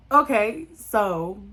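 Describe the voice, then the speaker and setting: A young woman casually telling a storytime tale, animated and laughing often. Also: mid-range voice, breathy edge.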